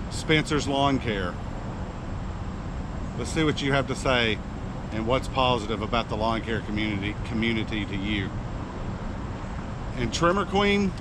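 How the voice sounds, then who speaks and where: Earnest folksy man, host, casual chat, loud outdoor traffic noise. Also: medium pitch. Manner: folksy, earnest, repeats himself. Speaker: lawn care channel host.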